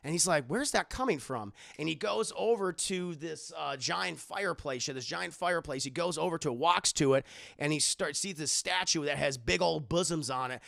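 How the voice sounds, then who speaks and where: A young man with a gravelly, bright and high-set voice, retelling a film to his chat. He speaks into a close mic in a dry room. He breaks into a different voice for each character, and he swears freely. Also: moderate pace, dry recording. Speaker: streamer reviewing a movie. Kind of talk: animated retelling to a live chat.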